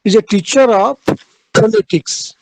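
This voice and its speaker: A man giving a literature lecture, halting, with frequent fillers and repeated phrases. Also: high-pitched, vocal fry, no echo, poor audio.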